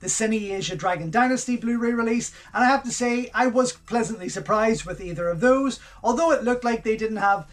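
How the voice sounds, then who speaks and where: A man with a fairly high voice hosts a casual unboxing, talking through each item as he handles it. He gushes with enthusiasm and keeps coming back to the same few words of praise. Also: fairly quick, hardly any pauses. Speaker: channel host reviewing home video releases.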